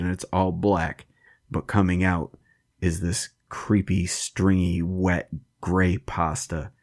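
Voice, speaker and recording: A man's voice: low voice, darkish tone. A man co-hosting a podcast in casual chat, joking and laughing as he riffs on silly characters. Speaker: podcast co-host.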